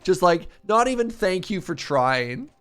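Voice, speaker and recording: A man's voice: high-pitched, very animated, measured pace, a bit bright, clean tone. A man chatting casually on a live stream while gaming, answering chat questions, telling stories and laughing often. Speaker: streamer playing a modded block-building game.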